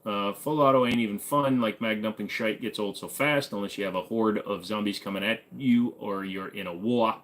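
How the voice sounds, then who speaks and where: A man's voice: on the low side, moderate pace, hardly any pauses, a bit bright. An American man hosting a casual live stream, reading viewer comments and answering in a laid-back, joking way with plenty of "uh" fillers. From United States. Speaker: host.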